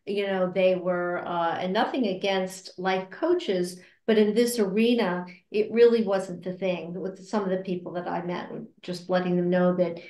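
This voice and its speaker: A woman being interviewed about her work at a cancer support center, speaking earnestly and reflectively, with many hesitations and restarts, and acting out quoted remarks in a higher voice. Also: little pitch movement, normal speed, hardly any pauses, mellow. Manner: acts out quoted remarks with raised pitch. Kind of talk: casual interview conversation. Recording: roomy echo.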